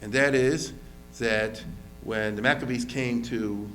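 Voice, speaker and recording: A man with a medium-pitched voice speaks slowly while giving an informal history lecture as a rabbi, with faint music playing behind him. He's conversational, restarts frequently, leans on fillers, and performs quotes with animated voices.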